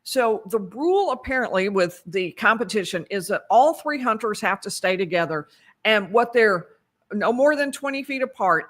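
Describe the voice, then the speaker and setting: A woman giving a casual, conversational recap of a court trial, correcting herself as she goes and dropping dry asides. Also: medium pitch. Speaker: legal commentator.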